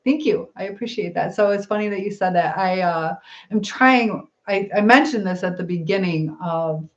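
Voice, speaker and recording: A woman's voice: fairly low pitch, normal speed, highs cut off. A woman hosting a casual live-stream chat, answering viewers as she braids her hair.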